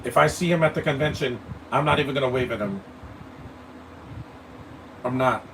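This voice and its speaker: A man's voice: medium pitch, moderate pace, creaky, fairly bright tone. A man giving live movie commentary, blunt and opinionated, rambling and stammering over his words. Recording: distant mic with air-conditioning hum.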